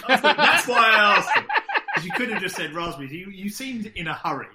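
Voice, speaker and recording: A man's voice: high voice, sing-song, fairly quick, roomy sound, very noisy. A man co-hosting a casual chat podcast, sardonic and joking as he rambles through tangents. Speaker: podcast co-host.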